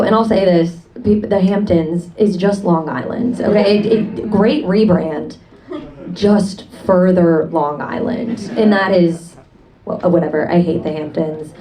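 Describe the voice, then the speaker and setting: A young woman with a Rochester, New York accent, doing a rambling, self-deprecating stand-up set and chatting with the crowd. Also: on the low side. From upstate New York. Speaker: stand-up comedian. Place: comedy club. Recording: distant mic, loud crowd.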